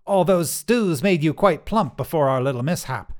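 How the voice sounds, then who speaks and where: Guy doing a snide teasing wizard, kinda higher than his own voice. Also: lively intonation, normal speed, a little mellow, lightly acted. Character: smug teasing male wizard turned into a table.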